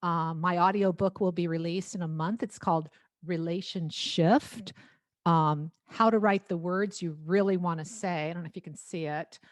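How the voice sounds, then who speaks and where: A woman's voice: on the low side, normal speed, no echo, clean studio sound. Chatty woman singer telling stories. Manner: chatty, lively storytelling with frequent laughs and restarts. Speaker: singer-songwriter. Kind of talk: casual talk at an album launch.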